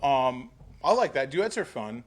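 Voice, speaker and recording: A man's voice: mid-range voice, big pitch swings, normal speed. A man hosting a casual podcast chat, telling rambling stories with plenty of swearing. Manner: rambling, profane storytelling. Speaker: podcast host.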